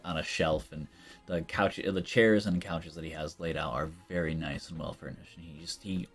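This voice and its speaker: A man running a tabletop game as game master, narrating loosely with lots of fillers. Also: low-pitched. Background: faint background music.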